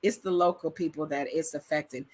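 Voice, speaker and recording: A middle-aged woman from Detroit with an African American Detroit accent, chatting casually to camera in an animated, slangy, storytelling way. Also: low-pitched, a little fast. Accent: African American Vernacular English, Detroit. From metropolitan Detroit, USA. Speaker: vlogger. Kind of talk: casual reaction chat to camera.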